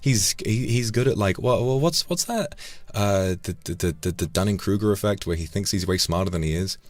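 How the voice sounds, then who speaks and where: Deep-voiced man chatting on stream. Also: brisk, no echo. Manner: relaxed, chatty, swears casually, stumbles and repeats words. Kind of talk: casual livestream chat.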